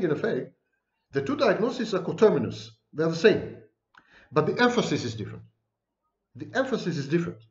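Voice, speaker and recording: A man's voice: fairly high pitch, darkish tone. A man giving an online lecture on personality disorders, emphatic and scornful, stacking up terms as he goes. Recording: echoey room, dull lo-fi sound.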